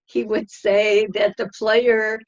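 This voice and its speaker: Slow, measured woman, lo-fi. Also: medium pitch, little pitch movement. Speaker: interview guest. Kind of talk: reflective interview answers.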